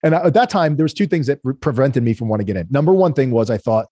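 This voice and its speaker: A man from the United States, a guest entrepreneur telling stories in a casual interview, animated and laughing as he acts out quotes. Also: medium pitch, rapid-fire, dry recording.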